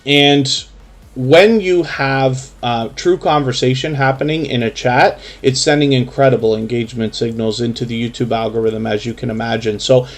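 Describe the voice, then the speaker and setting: A man's voice: medium pitch, steady tone, moderate pace. A man hosting a casual live stream, reading chat names aloud and chatting with frequent ums. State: sleepy, yawning.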